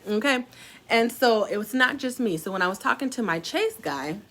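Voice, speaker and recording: A middle-aged woman casually telling her followers a personal story, animated and expressive, with big jumps in pitch when she quotes people. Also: normal speed. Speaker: salon suite owner sharing a warning.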